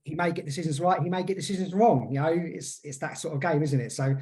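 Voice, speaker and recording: Here the forty-something hypnotherapist talks fast in a somewhat high, slightly mellow voice. As a guest on a casual podcast, he recounts stories haltingly, leaning on ums and starting sentences over.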